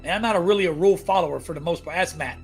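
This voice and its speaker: A husky, rapid-fire man tells profane, animated stories as a podcast co-host. His voice sits a bit high for a man. Faint music plays softly behind him. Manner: fast, animated storytelling, heavy swearing. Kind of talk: casual profane podcast banter.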